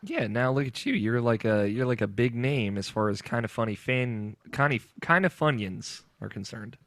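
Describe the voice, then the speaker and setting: A man's voice: medium pitch, expressive, moderate pace, a bit bright, no echo. A young man hosting a casual group podcast, rambling with fillers and laughing often. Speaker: podcast host.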